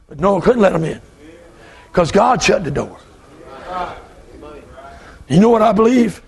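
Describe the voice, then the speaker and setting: A man preaching a fervent revival sermon, often shouting, with repeated calls and questions. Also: sits high, lively intonation, measured pace, vocal fry, pauses often, slightly rough, a faint crowd.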